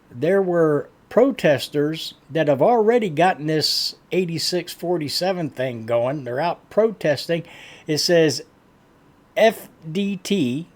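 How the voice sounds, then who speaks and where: A man's voice: on the high side, a little mellow. A man hosting a reaction channel, giving blunt, opinionated commentary in a conversational way.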